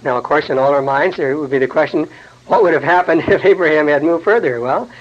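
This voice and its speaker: Higher-voiced man teaching the Bible, lo-fi radio. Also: a little fast. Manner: conversational, explains scripture with folksy asides.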